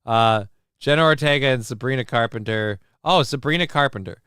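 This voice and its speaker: A man's voice: mid-range voice, fairly quick, clean tone, no echo, studio quality. A man co-hosting a casual live show, reading out chat comments and riffing on them in a jokey, rambling way. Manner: jokey, riffs loudly on viewer comments, rambling. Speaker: livestream co-host.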